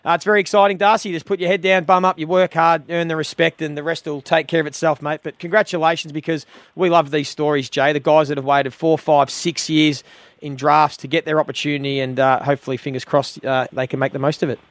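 An Australian man co-hosts a sports radio show, giving easygoing, matter-of-fact opinions. His voice sits a little high for a man, and the studio is dry and close. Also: level tone, quick pace, a bit bright, no room sound. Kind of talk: casual sports radio banter.

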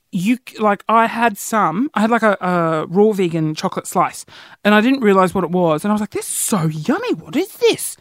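A woman's voice: medium pitch, dry recording. Bubbly rambling woman podcaster, dry sound. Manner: rambling, giggly, bubbly tangents. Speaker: podcast host. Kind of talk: casual solo podcast chat.

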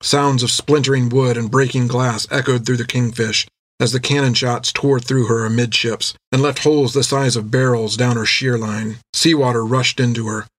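A man reading an adventure novel aloud in steady, measured scripted narration. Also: medium pitch, dry recording. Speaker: audiobook narrator.

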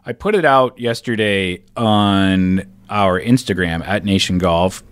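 Male podcast co-host, lowish voice, dry close mic, relaxed joking chat. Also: unhurried, clear, resonant tone, no room sound. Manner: reads listener questions, jokey. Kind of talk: casual chat.

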